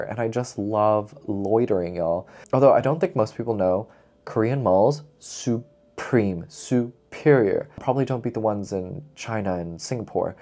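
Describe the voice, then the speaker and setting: Chatty young man, lowish voice. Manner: chatty, animated, says "y'all" a lot, frequent laughs. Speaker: vlogger. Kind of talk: casual chat to camera. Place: lives in Seoul.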